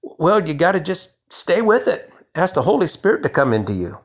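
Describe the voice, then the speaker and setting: A man's voice: fairly high pitch, very animated, normal speed, breathy edge. A man preaching a sermon in a conversational way, restarting phrases and building to emphatic bursts.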